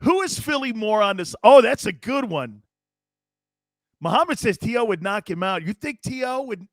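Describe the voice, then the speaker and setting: A man's voice: high-pitched, sing-song, normal speed, no room sound. A man hosting a sports talk show, brash and joking, laughing often as he reads viewer comments.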